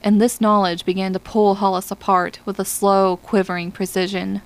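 Woman, audiobook reader, scripted narration, measured, gravelly voice. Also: mid-range voice, level tone.

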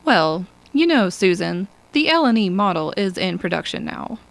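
A woman's voice: mid-range voice, very animated, moderate pace, creaky. A woman voicing a hesitant middle-aged male research director in an audiobook. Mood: pressing.

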